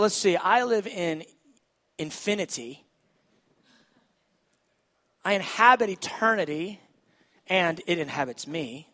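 Animated male pastor with a high voice, moving from loud to hushed. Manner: animated, swings from shouting to hushed. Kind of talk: sermon.

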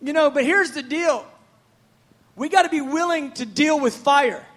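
A man's voice: very high voice, measured pace, a bit bright. A man preaching a sermon in a fervent, conversational, rambling way.

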